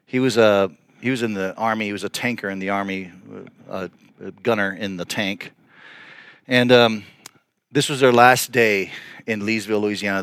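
A middle-aged male pastor telling a story in a sermon, earnest and animated, with frequent restarts. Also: fairly low pitch, smooth, no room sound, clean studio sound.

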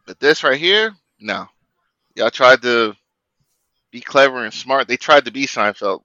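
Brief: tense bright male co-host, stumbling starts, firm critic, lo-fi dry mic. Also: mid-range voice, animated, no echo. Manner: halting, repeats words, firm critic. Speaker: podcast co-host. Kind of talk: casual debate chat.

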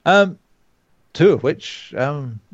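A man's voice: a little high, lively intonation, takes it slowly, breathy edge, no echo, highs cut off. A man hosting a casual gaming podcast, joking, laughing and swearing a lot. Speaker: podcast host.

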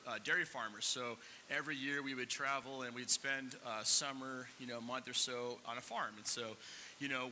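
A man's voice: medium pitch, bright, forceful tone, big-room sound, a little hiss or hum, low-quality recording. A man, a pastor, telling a funny personal story to his congregation and then leading a prayer, with lots of fillers and restarts. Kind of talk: sermon.

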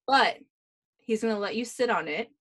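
Brief: husky woman in her thirties, casual chat, animated and laughing, breathy edge. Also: a little high, moderate pace. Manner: animated storyteller who laughs often.

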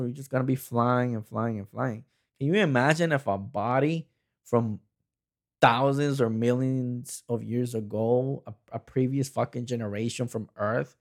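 A man in a casual, rambling rant who swears constantly, often restarting and trailing off mid-thought. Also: mid-range voice.

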